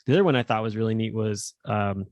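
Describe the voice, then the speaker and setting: A man's voice: fairly low pitch, fast, a little mellow, no room sound, dull audio. A man co-hosting a podcast, chatting casually and rambling with lots of fillers. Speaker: podcast co-host.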